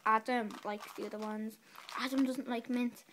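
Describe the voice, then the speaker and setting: A young woman talks straight to camera in a loose, chatty vlog. Her voice sits a little high, and she wanders off topic and corrects herself. Faint noise hums underneath. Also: flat delivery, moderate pace. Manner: rambling, self-correcting and chatty. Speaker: vlogger. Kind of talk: casual vlog chat. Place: bedroom.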